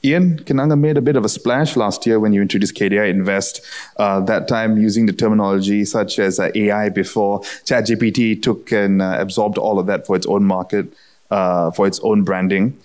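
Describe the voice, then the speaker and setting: A man's voice: fairly low pitch, steady tone, brisk, a little mellow. A man moderating a conference panel, polished and upbeat with a few fillers.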